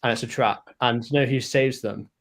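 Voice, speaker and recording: A man's voice: mid-range voice, fairly even intonation, a little fast, a bit bright. A man in a casual chat, rambling and stubborn, full of "like" fillers.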